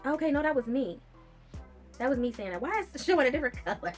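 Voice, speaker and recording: Blunt, profane woman vlogger, high voice. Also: quick pace, soft background music. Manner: blunt, profane, talks straight to viewers; animated, indignant retelling. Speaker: YouTube vlogger. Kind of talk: casual storytime vlog.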